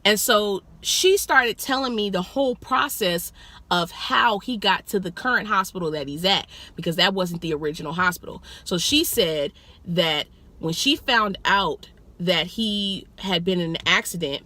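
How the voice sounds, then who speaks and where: A young woman telling a wild passenger story in an animated, profane vlog style, acting out the quotes as she goes. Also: medium pitch, moderate pace.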